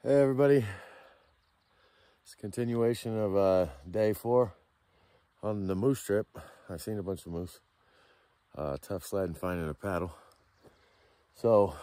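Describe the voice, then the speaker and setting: A middle-aged man vlogging outdoors on a forested slope, talking into a handheld camera in a rambling, halting way full of fillers. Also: fairly low pitch, darkish tone, no room sound. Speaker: outdoor vlogger hunting moose antler sheds. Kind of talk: casual hiking vlog to camera.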